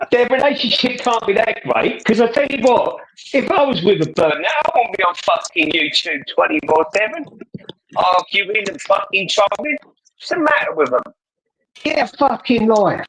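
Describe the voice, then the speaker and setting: A man chats on a livestream, crude and taunting, full of swearing. His voice sits high for a man. A faint hiss runs under the call. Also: sing-song, a little slow, a bit bright, poor audio. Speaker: livestream guest. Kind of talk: casual livestream banter. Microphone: computer microphone on a live call.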